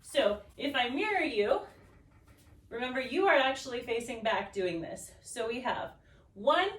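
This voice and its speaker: Here a woman with a slightly high voice and lively intonation speaks at a normal speed while leading a belly dance routine. She calls out the counts and vocalizes the rhythms with syllables, and the echoey room leaves her sounding far from the mic.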